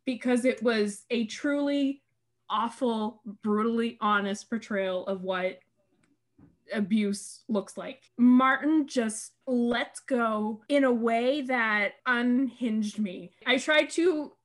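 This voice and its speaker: A woman co-hosting a casual podcast, her voice sitting a little high. She talks with animated energy and laughs often, and her words rush out when she is worked up. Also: slow pace. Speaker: podcast co-host. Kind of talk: casual chat.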